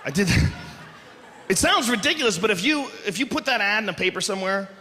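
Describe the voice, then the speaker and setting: Male stand-up comic, loud and animated, high voice; live venue with reverb and crowd noise. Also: fairly quick. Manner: loud, animated, frequently shouting. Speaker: stand-up comedian. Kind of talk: stand-up comedy set. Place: live comedy stage.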